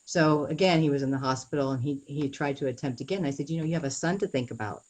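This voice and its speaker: A young adult woman with a notably low voice speaks in an interview. She tells her own story earnestly and haltingly, often pausing, restarting and filling gaps with "you know". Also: darkish tone, poor audio.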